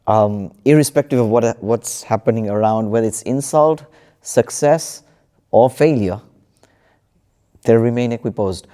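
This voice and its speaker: A man telling a story in a relaxed spiritual panel discussion, with plenty of fillers and restarts. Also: medium pitch, a little slow. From United Kingdom. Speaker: panel speaker.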